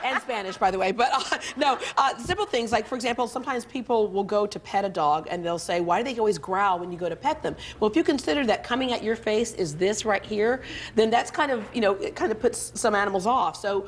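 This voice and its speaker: A woman's voice: mid-range voice, a little fast, slight background noise. A woman hosting a morning TV show, chatting casually and laughing easily. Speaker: TV talk show host. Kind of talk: casual chat. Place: TV studio.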